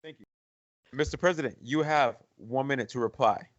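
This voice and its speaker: A man's voice: medium pitch, moderate pace. A man moderating a mock debate, formally repeating thanks and keeping time, recorded on dull lo-fi audio. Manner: formal, repetitive, trying to keep order.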